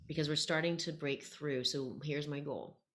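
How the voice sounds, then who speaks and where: Very low-voiced woman educator, animated. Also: normal speed. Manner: animated storytelling, acts out quoted voices. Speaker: guest, educator. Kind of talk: podcast interview conversation.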